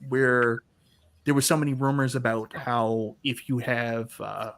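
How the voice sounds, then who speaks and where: A man's voice: mid-range voice, little pitch movement, unhurried, fairly bright tone. A man in his thirties hosting a casual panel chat over a video call, a jokey storyteller who laughs a lot. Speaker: host of an arcade talk show.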